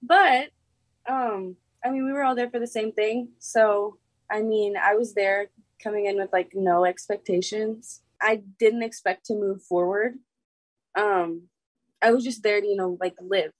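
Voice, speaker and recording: A bubbly teenage woman from Oklahoma chats in a giggly, rambling way, her sentences packed with "like" fillers. Her voice sits at an ordinary middle pitch. The sound is dry and close, with no room around it. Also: steady tone, measured pace, no room sound. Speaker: former contestant, guest. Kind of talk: casual interview chat.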